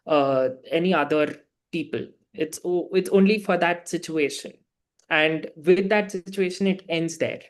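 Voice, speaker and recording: A man, a class participant sharing his experience in a halting, reflective way. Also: fairly high pitch.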